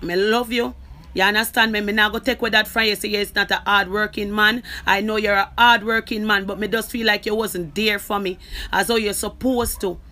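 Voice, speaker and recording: A Jamaican woman talking straight to camera, emphatic and forceful, who keeps asking "you understand me?". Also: medium pitch, level tone, a little fast. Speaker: social media creator. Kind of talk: direct-to-camera personal talk.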